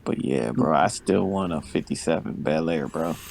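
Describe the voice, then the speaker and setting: A man's voice: rumbling low, normal speed, vocal fry, darkish tone, slight background noise. A man who is a guest on a podcast, talking in a laid-back, casual way and calling his host "bro". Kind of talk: casual chat.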